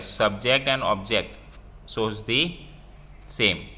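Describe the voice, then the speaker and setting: Man, teacher, grammar lesson, very slow delivery, bright voice, repetitive phrasing. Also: medium pitch. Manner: slow, repetitive explaining with non-native phrasing.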